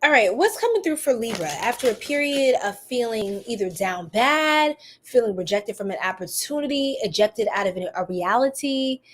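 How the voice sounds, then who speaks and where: A woman's voice: on the high side, animated, moderate pace, few pauses, a bit bright, slight background noise. A woman with a New York accent, hosting a tarot reading livestream and chatting casually with viewers in a goofy, giggly way. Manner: goofy and giggly, laughs often. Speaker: tarot reader host.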